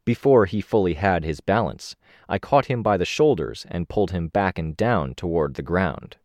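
A man with a very low voice reads a first-person action story as an audiobook narrator. His delivery is steady and measured, lifting slightly on the action beats. The recording is dry and close, with no room sound. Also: no echo.

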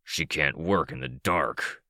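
A man's voice: slow, sharp tone, no room sound, clean studio sound, full character voice. A man voicing a sinister male monster who hisses his words with cold mockery, in an audiobook reading. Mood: menacing. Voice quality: hiss from deep down. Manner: mocking, dismissive.

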